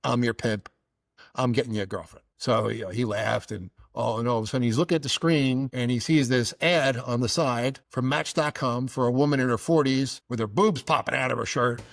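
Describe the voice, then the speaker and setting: A man's voice: medium pitch, fairly quick, creaky, hardly any pauses, fairly bright tone, no echo. A middle-aged man hosting a podcast, telling a funny personal story and acting out the dialogue. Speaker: podcast host.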